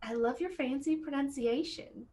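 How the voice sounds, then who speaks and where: A woman's voice: high-pitched, moderate pace, warm tone, slight background noise. A woman player chatting in character at a tabletop game, bubbly. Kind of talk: casual in-character play.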